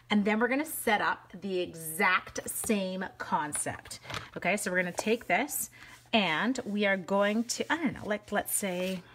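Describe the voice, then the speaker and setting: A woman's voice: medium pitch, fairly bright tone, a little hiss or hum. Bubbly woman chatting through a craft demo. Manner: chatty, bubbly, talks to viewers by name, narrates each step. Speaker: stamping demonstrator live-streaming. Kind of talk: casual live crafting demo.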